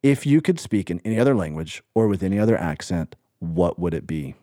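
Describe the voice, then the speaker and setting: A man's voice: deep voice, expressive, a little fast, warm tone, no echo, studio quality. A young man from Birmingham, Alabama, co-hosting a podcast in casual chat, rambling and searching for words, laughing often. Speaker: podcast co-host.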